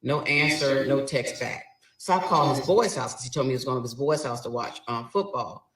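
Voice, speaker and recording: A woman's voice: a bass voice, fairly quick, heavy reverb, distant mic, low-quality recording. A woman telling a story dramatically, acting out both sides of a quarrel. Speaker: guest telling her story. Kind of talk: animated storytelling.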